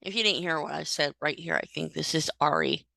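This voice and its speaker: Low gravelly woman commentating. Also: bright, forceful tone, slight background noise. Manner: casual, pauses with fillers. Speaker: legal medicine commentator. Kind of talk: explanatory video commentary.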